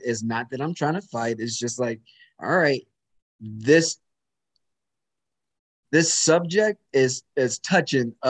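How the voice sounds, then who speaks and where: In a casual chat, a man with a medium-pitched, darkish voice tells a story about work. He speaks emphatically and keeps dropping "you know what I'm saying."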